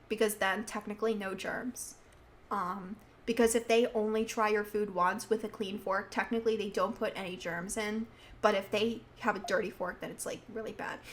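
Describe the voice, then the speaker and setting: Chatty young woman podcaster. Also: fairly high pitch. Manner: chatty, giggly, animated storytelling with many fillers. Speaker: podcast host. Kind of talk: casual rambling monologue.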